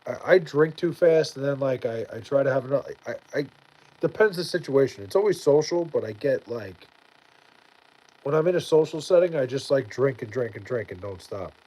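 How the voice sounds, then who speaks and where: Husky, mellow-voiced man streaming late at night. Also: mid-range voice, poor audio. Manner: rambling, filler-heavy, many "like"s and restarts. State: tired, near bedtime. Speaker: livestreamer reading chat. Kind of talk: casual late-night livestream chat.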